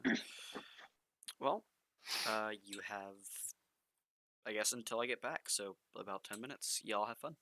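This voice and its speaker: A man with a lowish voice hosts a casual podcast chat and tosses in playful, mock-formal asides. Clear background noise runs steadily under everything he says. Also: measured pace, long pauses. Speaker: podcast host.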